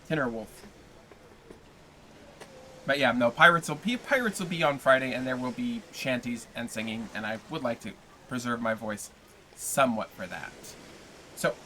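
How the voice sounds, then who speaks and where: A man with a bright, forceful voice talks on his livestream in a loose, joking way, teasing his chat. A faint hum of noise sits under him at a middle pitch. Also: expressive, unhurried, long pauses. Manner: playful, joking, chatty with viewers. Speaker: livestream host and reader.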